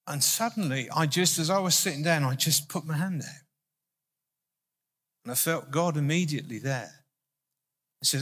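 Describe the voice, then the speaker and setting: A man's voice: a little high, normal speed, long pauses, a bit bright. A male minister giving an informal, conversational sermon, often restarting his sentences. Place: church hall. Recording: hall reverb.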